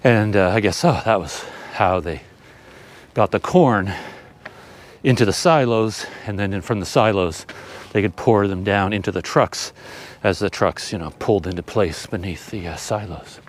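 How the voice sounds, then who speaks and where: A man vlogs as he hikes up a trail outdoors, out of breath and huffing between thoughts. His voice sits a little low. He talks in a rambling, self-deprecating way into the camera he holds. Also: moderate pace. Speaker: travel vlogger. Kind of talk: casual vlog talk while hiking. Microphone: handheld camera.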